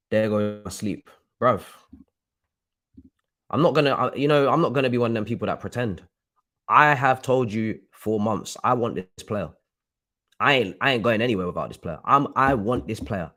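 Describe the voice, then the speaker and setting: Angry football fan ranting. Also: male voice, lowish voice, a bit bright. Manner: angry, swearing, repeats himself. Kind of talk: heated live-stream rant.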